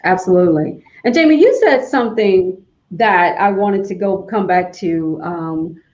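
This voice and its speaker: A woman's voice: lively intonation, unhurried, a little mellow. A woman with a Southern US accent from Alabama, hosting a casual interview as an author, chatty and emphatic. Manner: chatty, emphatic, rising to high exclamations. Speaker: host, author. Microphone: video call. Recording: dull lo-fi stream audio.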